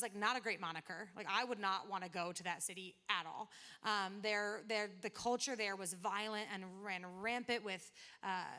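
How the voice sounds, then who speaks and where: A woman's voice: medium pitch, sharp tone. A woman preacher giving a casual sermon, retelling scripture in chatty everyday language with quoted asides.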